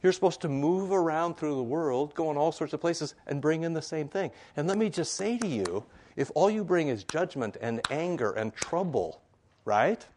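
A man's voice: a little high, animated, moderate pace, a little mellow, slight background noise. A male pastor preaching a conversational sermon in a church, full of asides and rhetorical questions. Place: church sanctuary.

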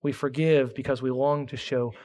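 A pastor preaching a sermon with earnest emphasis, reading scripture aloud and dropping to a hushed tone for key points. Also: male voice, medium pitch, steady tone, moderate pace.

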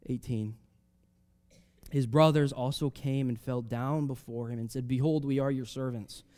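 A man preaching a sermon, reading scripture aloud and explaining it in a conversational way, swinging between loud emphatic rises and soft drops. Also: medium pitch, steady tone, normal speed. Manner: reads scripture aloud, then explains it casually with fillers.

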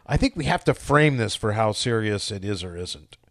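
A man's voice: lowish voice, lively intonation, normal speed, no echo, studio quality. A man co-hosting a casual podcast, a pastor with a wry, teasing humor.

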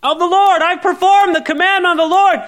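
A man's voice: fairly even intonation, brisk. A preacher acting out a proud, boastful young king, exclaiming in a raised voice. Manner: exclaiming, high and loud.

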